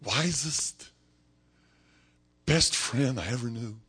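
A man preaching a sermon, telling a story dramatically and swinging from shouts down to whispers. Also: medium pitch, expressive, slow pace, slightly rough.

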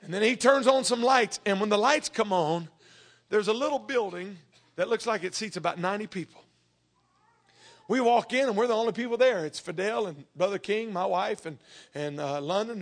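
A man preaching a sermon, telling a story and acting out both sides of a conversation, swinging from shouts to hushed tones. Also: high-pitched.

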